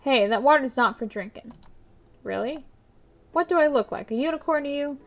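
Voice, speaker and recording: Woman playing a rude motel clerk, New York-style accent, gruff, sneering, fairly high voice. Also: animated, normal speed. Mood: grumbling. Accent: put-on New York-style accent.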